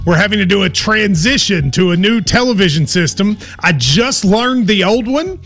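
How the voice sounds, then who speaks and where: A man's voice: high voice, lively intonation, normal speed, fairly bright tone. A man hosting a sports talk radio show, bantering and joking with his co-host.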